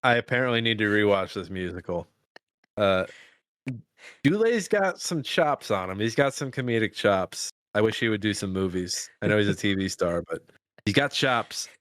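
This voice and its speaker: A man's voice: fairly low pitch, lively intonation, normal speed, fairly bright tone, dry recording, studio quality. A man co-hosting a casual movie podcast, swearing freely and acting out quotes in silly voices. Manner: profane, jokey, acts out quotes. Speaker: podcast co-host.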